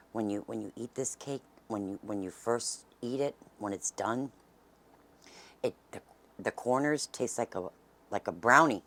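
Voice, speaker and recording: A woman's voice: very deep voice, a little hiss or hum. Folksy woman chatting while baking. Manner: chatty and folksy, drops to a near whisper at times. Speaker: cooking channel host. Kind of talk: casual cooking demonstration. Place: home kitchen.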